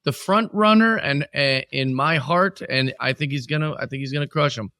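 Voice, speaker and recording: Bright-voiced rambling podcast co-host man. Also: mid-range voice, normal speed, dry recording, studio quality. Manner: rambling, stumbling restarts, playful ranting. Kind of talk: casual wrestling chat.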